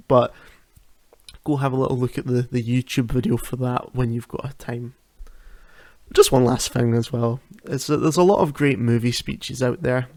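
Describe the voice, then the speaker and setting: A man's voice: medium pitch, normal speed, darkish tone, dry recording. A man, hosting a casual solo talk at home, chatty and self-deprecating, laughing often and restarting his sentences. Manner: rambling with frequent restarts. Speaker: podcast host. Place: at home at night.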